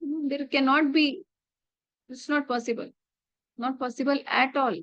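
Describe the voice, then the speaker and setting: A woman's voice: high voice, steady tone, a little slow, fairly bright tone, no room sound. A woman in her late thirties with an Indian accent, a teacher telling classroom anecdotes in a chatty way and mixing in Hindi phrases. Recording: slightly muffled dry recording.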